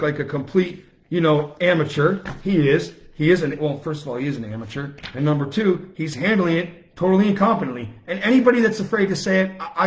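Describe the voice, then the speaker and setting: A man delivering an impassioned live-stream rant, with fiery, repetitive, emphatic outbursts. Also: on the high side. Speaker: political commentator on a live stream. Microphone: phone or webcam, self-recorded.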